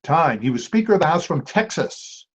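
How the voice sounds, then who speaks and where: Lively quiz host, husky and lo-fi. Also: male voice, on the high side. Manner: measured, repeats each clue slowly. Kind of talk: reading quiz clues aloud. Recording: dull lo-fi amateur recording.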